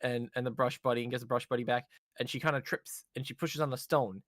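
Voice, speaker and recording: A man's voice: mid-range voice, fairly even intonation, quick pace, a bit bright, no echo, clean studio sound. A man casually recapping an anime episode on a podcast, rambling with fillers and swearing. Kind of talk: casual chat.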